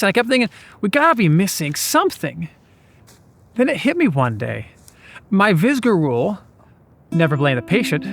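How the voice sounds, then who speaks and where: A man's voice: high voice, a bit bright, dry recording. A man narrating his own show in a playful, chatty way, full of asides. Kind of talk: scripted voice-over narration.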